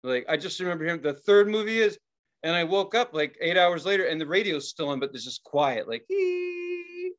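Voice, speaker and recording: A man co-hosting a podcast, telling stories in casual chat, laughing often and yelling out quoted lines. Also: fairly high pitch, fast talker, few pauses. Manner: animated storyteller, laughs and yells quoted lines. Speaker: podcast co-host.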